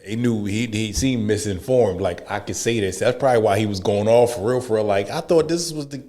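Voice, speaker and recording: A man's voice: on the low side, fairly even intonation, fairly quick, warm tone. A man co-hosting a podcast in casual chat, blunt and joking as he rants. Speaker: podcast co-host. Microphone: headphones and podcast mic.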